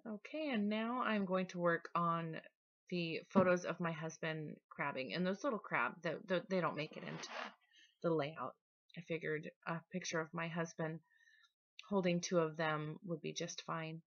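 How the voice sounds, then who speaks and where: A woman talking casually through her scrapbooking process in a relaxed, chatty voice-over. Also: on the low side, normal speed, highs cut off. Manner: chatty, relaxed, with small restarts. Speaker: scrapbooking vlogger.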